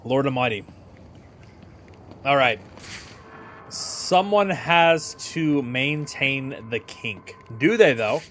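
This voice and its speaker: A man's voice: mid-range voice, lively intonation, takes it slowly, pauses often, a bit bright, slight background noise. A young man giving jokey, chatty commentary while streaming a video game. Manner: jokey, chatty, laughs often. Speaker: gaming streamer. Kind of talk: casual gaming commentary.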